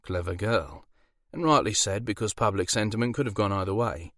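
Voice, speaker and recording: A man's voice: lowish voice, a little fast, a bit bright, no echo, clean studio sound. A man voicing a smug, charming incubus demon who teases his grown daughter. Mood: teasing. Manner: teasing, indulgent, sly.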